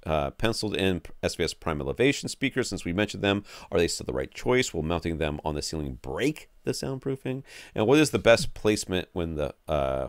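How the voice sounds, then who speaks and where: A man's voice: sits low, no room sound, clean studio sound. A man co-hosting a podcast, giving rambling, jokey home theater advice with lots of restarts. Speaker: podcast co-host. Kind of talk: casual chat answering listener questions.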